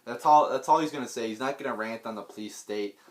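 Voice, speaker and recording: Speaking fast at medium pitch, this male political vlogger rants off the cuff, swearing freely and speaking bluntly, repeating words and restarting his sentences as he rambles.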